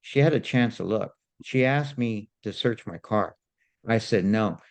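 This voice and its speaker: A man casually telling a story on a podcast, animated and indignant, often repeating himself. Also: lowish voice, measured pace. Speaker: podcast co-host.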